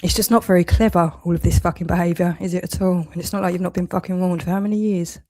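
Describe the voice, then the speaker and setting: A woman's voice: on the low side, fairly even intonation, quick pace, dark tone. A woman delivering an angry, heavily sworn monologue rant, accusing and scolding. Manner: heavy swearing, accusatory, rising anger.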